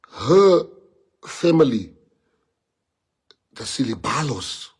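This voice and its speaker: A man's voice: on the high side, creaky, husky. A man from South Africa, a native Afrikaans speaker, talking in an impassioned live stream monologue with many rhetorical questions. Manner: impassioned, rhetorical questions, swings from quiet to loud. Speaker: livestream speaker.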